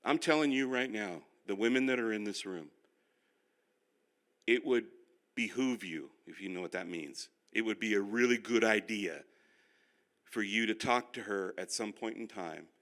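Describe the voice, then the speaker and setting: A man's voice: lowish voice, moderate pace, a bit bright. A male pastor teaching a class, who tells stories with self-mocking humor and speaks straight to the room. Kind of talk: humorous sermon-style teaching.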